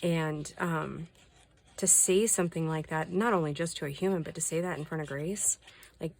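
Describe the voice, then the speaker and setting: Middle-aged woman vlogger, low voice, chatty and confiding while crafting. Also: fairly even intonation, normal speed, creaky. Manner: chatty, indignant, confiding asides. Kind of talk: casual chat while doing a craft.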